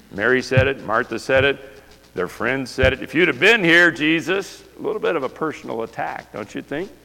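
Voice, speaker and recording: Gravelly-voiced preacher in a reverberant hall. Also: male voice, medium pitch, fairly bright tone. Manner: impassioned, asks the congregation rhetorical questions. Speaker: pastor. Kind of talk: sermon. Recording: long reverb of a large hall.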